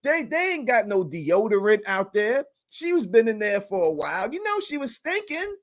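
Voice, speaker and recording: High, lively-voiced man ranting. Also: normal speed. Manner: emphatic, sweeping pitch. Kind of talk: casual recap chat.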